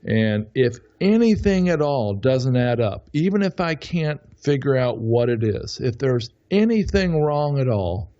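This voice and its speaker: A man voicing a slow-drawling middle-aged Texas oilman with a Texas accent, quoted in a podcast interview. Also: medium pitch, sing-song, dark tone, highs cut off. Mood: folksy.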